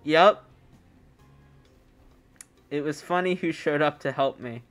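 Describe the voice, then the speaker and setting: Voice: mid-range voice, takes it slowly, a bit bright, soft background music. A streamer in casual live-stream chat, joking and mocking their own attempts. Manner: joking, self-mocking, rambling.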